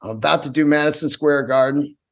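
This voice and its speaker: A man in his fifties, a stand-up comedian hosting his own podcast, telling stories in an excitable, profane, rambling way with many restarts. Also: a little high, a little fast. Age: 50s. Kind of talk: casual solo podcast storytelling.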